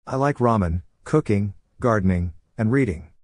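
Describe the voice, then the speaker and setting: A man's voice: fairly low pitch, expressive, moderate pace, darkish tone, no room sound, studio quality. A man reading a determined young girl ninja. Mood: confident.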